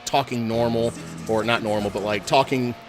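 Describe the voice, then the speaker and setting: A man in casual voice chat during a game, loose and profane, working through his thoughts out loud. His voice sits in a middle pitch. A faint hum of noise runs behind him. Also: fairly even intonation, normal speed. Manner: loose, profane, thinking aloud. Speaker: gamer chatting while playing.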